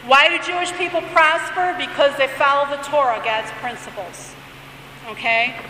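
A woman gives a teaching sermon in a high, bright voice. She alternates between reading prayers aloud and explaining them in a conversational way. The sound is echoey, with a long reverb and faint room ambience behind her. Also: normal speed, recorded from a distance, slight background noise. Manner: reads liturgy aloud then explains it conversationally. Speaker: Bible teacher.

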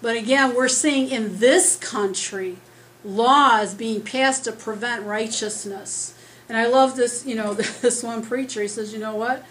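A woman preaching an earnest, rambling sermon as she starts losing her voice, talking loud without a microphone. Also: on the high side, unhurried, slight background noise, low-quality recording. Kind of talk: conversational sermon. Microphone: speaking loud without a microphone.

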